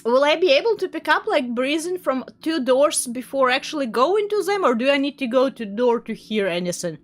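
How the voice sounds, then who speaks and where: A young woman streaming a game live, commenting excitably, laughing often and jumping at scares. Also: sits high, fairly quick.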